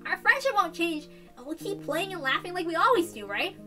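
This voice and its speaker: A woman's voice: extremely high pitch, big pitch swings, brisk, music in the background. A woman voicing an earnest, loyal teenage girl who pleads with a friend in a visual novel reading. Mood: pleading.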